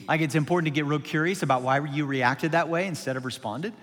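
Candid pastor dad in echoey room. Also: male voice, on the high side, quick pace, fairly bright tone. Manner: candid, self-deprecating, many fillers and restarts. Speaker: pastor and podcast co-host. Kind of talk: casual conversational storytelling.

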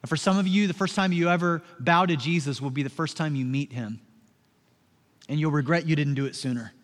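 A man preaching a sermon as pastor, moving from soft, low, slow passages to loud, emphatic ones in a conversational way. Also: big-room sound.

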